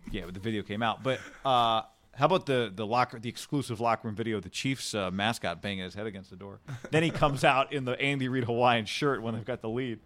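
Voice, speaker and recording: Dude arguing football calls, quick and jumping in, mid-pitch everyday voice. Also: male voice, a bit bright. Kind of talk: casual sports chat.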